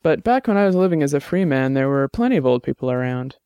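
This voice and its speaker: A world-weary detective, wry and casual, as a man reads him, speaking in a smooth, resonant voice. Close, dry audiobook sound. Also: medium pitch, expressive, fast talker, dark tone, no echo, lightly acted. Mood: rueful.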